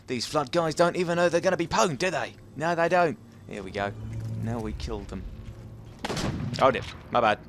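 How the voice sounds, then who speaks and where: A young man giving casual, excitable commentary over gameplay. He yelps and chatters at the game as he plays. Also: medium pitch, a little fast, a little hiss or hum. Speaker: gaming commentator.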